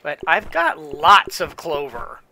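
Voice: mid-range voice, sing-song, takes it slowly, sharp tone, a little hiss or hum. A gamer giving casual gameplay commentary, rambling with frequent restarts and chuckling to themself. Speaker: let's play gamer.

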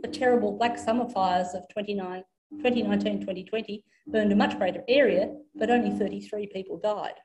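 A woman with an Australian English accent giving a formal academic lecture, reading in a measured way and now and then correcting herself. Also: medium pitch, background noise.

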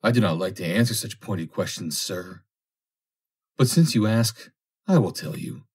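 Proud young woman as a man reads her, formal, cool, animated, breathy. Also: on the low side, moderate pace. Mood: cold, reproachful.

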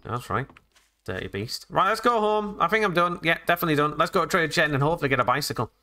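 Bright, lively man doing game commentary. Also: a little high, fast talker. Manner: chatty, jokey, talks to game characters. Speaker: gaming channel host. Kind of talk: let's play commentary.

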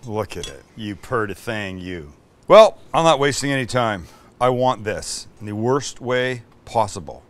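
A man's voice: medium pitch, lively intonation, moderate pace. A man hosting a casual cooking show, joking with his crew as he cooks.

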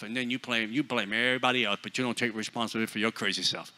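A man preaching a sermon in a church, blunt and forceful, dropping to hushed asides and then booming out. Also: racing. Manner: forceful, blunt, swings between loud and hushed. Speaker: guest preacher.

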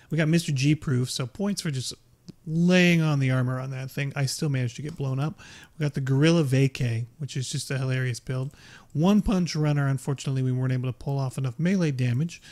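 A man giving excitable, chatty commentary over his own gameplay, exclaiming often. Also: mid-range voice. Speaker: gaming YouTuber. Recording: game gunfire behind voice. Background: game gunfire and explosions.

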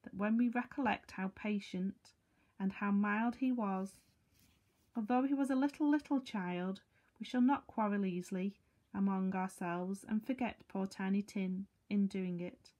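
A woman voicing a gentle, grieving poor father, reading him in an earnest, tender way. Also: mid-range voice, unhurried, lightly acted.

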